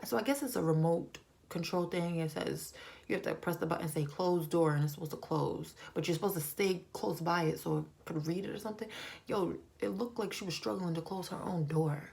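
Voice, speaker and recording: A woman doing a casual, slangy recap of a reality TV episode, animated and chatty. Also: fairly low pitch, fairly quick, gravelly. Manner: animated, slangy, shifting into loud quoted voices. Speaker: TV recap vlogger.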